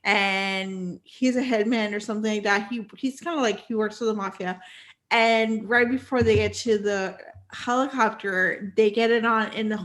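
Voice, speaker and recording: A woman's voice: mid-range voice, moderate pace. A woman hosting a podcast, chatting casually about books and laughing as she tells stories. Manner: animated, laughs while telling stories. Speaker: podcast host.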